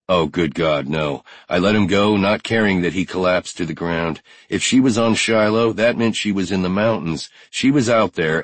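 A man's voice: low-pitched, no room sound. A man narrating a first-person audiobook with tense, driven storytelling.

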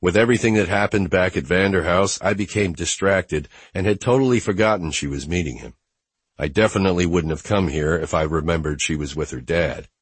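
Male narrator for a first-person romance audiobook: very low, husky voice, wry and low-key, dry close recording. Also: a little fast, no room sound.

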